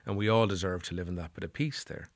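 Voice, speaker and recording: A man's voice: deep voice, steady tone, quick pace, dry recording. A middle-aged Irish man speaking as a psychotherapist guest on a podcast, earnest and repeating phrases for emphasis. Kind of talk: podcast interview.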